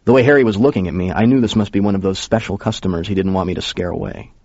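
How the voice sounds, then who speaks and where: A man's voice: sits low, very fast, darkish tone, no room sound. A man narrating a first-person story in a casual, conversational way. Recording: dull lo-fi recording.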